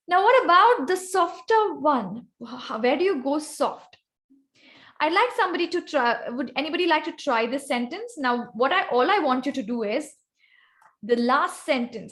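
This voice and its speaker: A woman with an Indian accent speaks in a high, slightly bright voice. She is a guest speaker teaching vocal variety at an online club workshop, calling on volunteers by name as she instructs on speaking skills.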